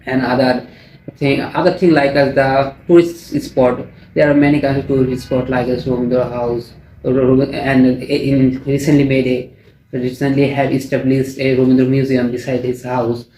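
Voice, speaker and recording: A young man with a Bangladeshi accent answering a mock speaking exam, halting and often restarting his phrases. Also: medium pitch, flat delivery, mellow. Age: young adult. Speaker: test candidate. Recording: echoey room with faint noise.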